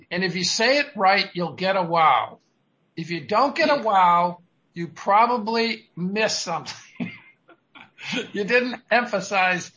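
Man, sales coach, emphatic and repetitive, bright tone, muffled audio. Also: high-pitched, animated, takes it slowly. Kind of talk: coaching a team meeting.

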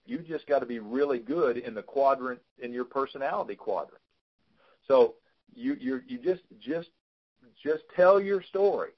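A man's voice: mid-range voice, expressive, moderate pace, lo-fi sound. A man coaching a client on a call, giving frank, fatherly advice and often repeating words as he talks. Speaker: business consultant.

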